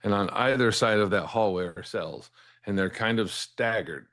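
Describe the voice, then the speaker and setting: A middle-aged man with a very deep voice shares his personal story as an interview guest. He talks earnestly, restarts words as he gathers his thoughts, and checks in with "right?" after his points. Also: moderate pace, a bit bright.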